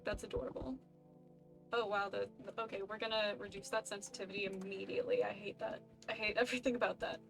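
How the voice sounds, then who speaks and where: A woman streaming a video game, chatting casually and with self-amused asides. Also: on the high side. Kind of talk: casual let's-play commentary.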